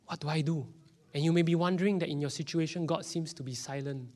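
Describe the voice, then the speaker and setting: A man's voice: on the high side, quick pace. A man in his thirties with a Singaporean English accent, preaching a sermon in a church and now and then dropping his voice to a whisper for emphasis. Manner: animated, drops into whispers for emphasis. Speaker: pastor. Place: church hall.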